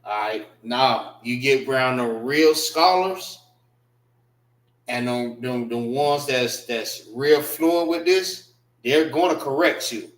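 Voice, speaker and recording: A man teaching a classroom language lesson in a casual way, repeating and spelling out words slowly. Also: medium pitch, reverberant, rough recording. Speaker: class instructor.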